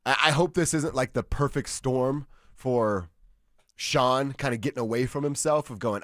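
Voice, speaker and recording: A man from Colorado co-hosting a sports radio show in casual chat, talking with restarts and quick asides in a studio. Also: medium pitch, a bit bright, no echo. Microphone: studio microphone.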